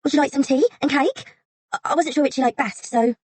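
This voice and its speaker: Woman voicing a tiny, overjoyed teen assistant, excitable and sing-song; dry, close read. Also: high voice, brisk, no room sound, pitched above the performer's own voice, lightly acted. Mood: excited. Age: teens. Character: bubbly tiny young woman servant, overjoyed.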